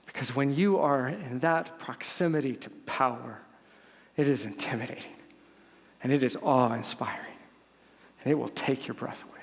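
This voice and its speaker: A man with a high, bright preaching voice delivers a sermon, telling stories in an animated way and building to emphatic intensity. His voice rings out with a long, lingering reverb from a church sanctuary. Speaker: pastor.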